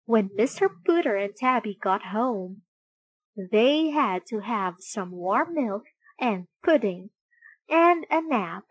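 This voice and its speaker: Slow, expressive woman reading a picture book. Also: fairly high pitch, dry recording, poor audio. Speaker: storybook reader.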